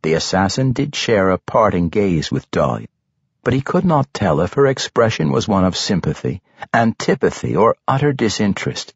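A man reading a fantasy novel aloud as an audiobook narrator, with a dramatic, expressive delivery. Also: on the low side, normal speed, gravelly, husky, dry recording. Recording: dry, slightly dull studio recording.

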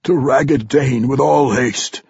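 A man's voice: medium pitch, slow, creaky, darkish tone, breathy edge, no room sound, lo-fi sound, heavily acted. A man voicing a seasoned, compassionate older male dwarf commander who gives urgent orders.

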